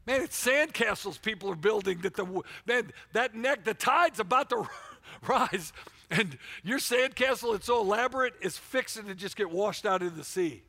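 In a church sanctuary, a pastor with a high, sharp-toned voice preaches a fervent sermon. He keeps restarting his lines and calls on people in the room by name.

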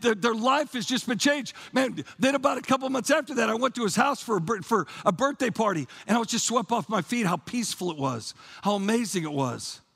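A man's voice: high-pitched, creaky, fairly bright tone, slightly rough. A man preaching a sermon to his church, fervent and casual, repeating "man" and restarting his phrases. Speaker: pastor.

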